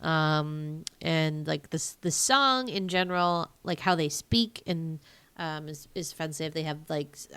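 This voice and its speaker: Gravelly, low-pitched woman podcaster. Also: measured pace, fairly bright tone, dry recording. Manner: hesitant, searches for words. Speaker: podcast co-host. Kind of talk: casual film-review chat.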